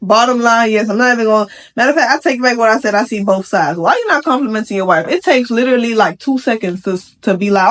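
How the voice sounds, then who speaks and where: A young adult woman giving casual commentary on a Reddit post, chatty and slangy, with frank opinions and quick asides. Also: a little high, lively intonation, fairly bright tone. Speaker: vlogger reacting to a Reddit post.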